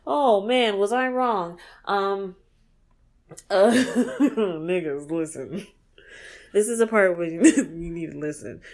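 A young woman from New York hosting her podcast in a casual monologue, animated and profane, laughing often. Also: mid-range voice. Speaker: podcast host.

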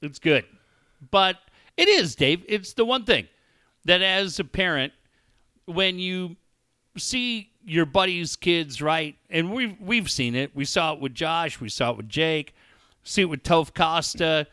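A man's voice: a little high, a little slow, clear, resonant tone, dry recording, clean studio sound. A man in his forties hosting a talk show, telling stories in casual chat and acting out quoted dialogue. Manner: storytelling with animated quoted dialogue. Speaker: radio show host.

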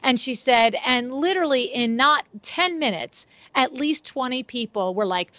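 A woman's voice: high voice, moderate pace, hardly any pauses, dry recording, highs cut off. A middle-aged woman, a window treatment business owner, telling stories as a podcast guest and acting out both sides of each conversation. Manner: animated storyteller who acts out both sides of conversations. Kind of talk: casual storytelling interview.

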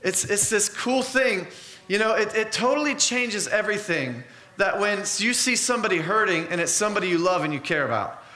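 A man's voice: high-pitched, animated, fairly quick, pushed and bright, reverberant. A man preaching a sermon in an earnest, conversational way, mixing in personal stories.

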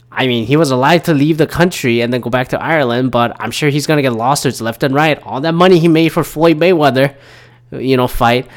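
Rambling, profane man in his thirties. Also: mid-range voice. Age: 30s. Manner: rambling, profane, lots of fillers and restarts. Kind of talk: casual solo commentary.

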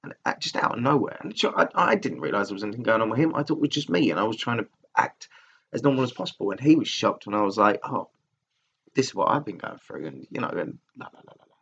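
A man's voice: on the low side, lively intonation, quick pace, creaky, a bit bright, husky, lo-fi sound. A man talking candidly and casually on a solo podcast, rambling and swearing often as he restarts his sentences. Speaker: podcaster recording alone. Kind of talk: casual personal monologue. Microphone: laptop recording software.

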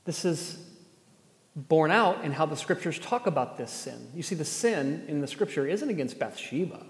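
A man preaches with a slightly high voice that rings through a roomy hall. His sermon builds through pointed rhetorical questions and a touch of dry sarcasm. The long reverb trails behind every line. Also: animated, moderate pace. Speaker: pastor. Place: church gathering space.

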